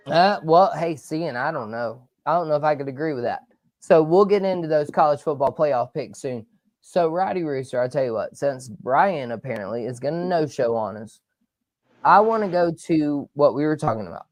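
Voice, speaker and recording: A man hosting a live sports talk show, energetic and rambling, with loud outbursts. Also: fairly high pitch, moderate pace, no echo. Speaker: podcast host.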